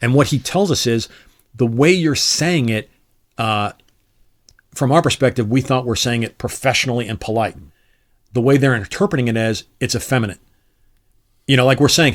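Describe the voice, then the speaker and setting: Middle-aged man, retired officer, lively storyteller with a mid-range voice who voices the people in his anecdotes, relaxed interview delivery. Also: medium pitch, fairly quick. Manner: animated storyteller who acts out quoted dialogue. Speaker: retired Army Special Forces officer, guest.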